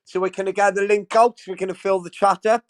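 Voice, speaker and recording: A man's voice: high-pitched, level tone, fast talker. A man hosting a casual livestream, talking straight to his chat in a sweary, effusive, rambling way. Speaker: livestream host.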